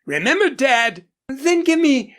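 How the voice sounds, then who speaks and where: A woman's voice: high voice, sing-song, unhurried, pitched above the performer's own voice. A woman voicing a playful, coaxing eighteen-year-old ranch girl who loves horses, in an audiobook character voice.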